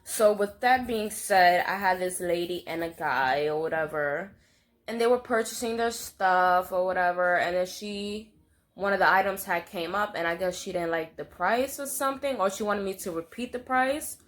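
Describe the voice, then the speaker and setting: A woman's voice: lowish voice, moderate pace. A young adult woman telling a storytime vlog in a blunt, fiery, profane way, rambling with lots of fillers. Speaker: storytime vlogger. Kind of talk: casual storytime monologue.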